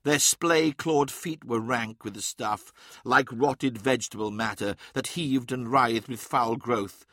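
A man reading an audiobook in a measured, dramatic way. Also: mid-range voice, bright, forceful tone, no room sound, studio quality. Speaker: narrator. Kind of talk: scripted audiobook narration.

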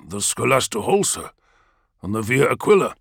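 A man's voice: medium pitch, sing-song, moderate pace, gravelly, breathy edge, dry recording, studio quality, heavily acted. A man reading an audiobook, voicing a deferential male soldier who stammers respectfully. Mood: nervous. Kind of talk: audiobook character voice.

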